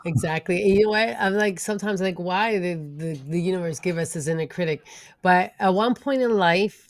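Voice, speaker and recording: A woman guest on a podcast who speaks with an accent, expressive and lively, acting out the voices in her head. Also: medium pitch, no room sound. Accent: non-native accent. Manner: expressive, acts out inner voices. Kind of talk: casual podcast conversation.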